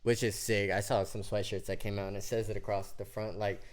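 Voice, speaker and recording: A man co-hosting a casual podcast, telling stories in an animated way, swearing freely and acting out what people said. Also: lowish voice, brisk. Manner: animated storyteller, swears freely, acts out quotes. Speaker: podcast co-host. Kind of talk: casual sports and gaming chat.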